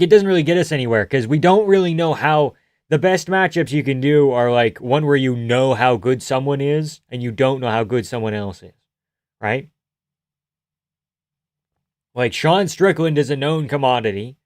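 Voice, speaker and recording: A man's voice: mid-range voice, darkish tone, no room sound, studio quality. A man chatting casually on a live stream, reading out and answering chat in a loose, profane, rambling way and laughing often.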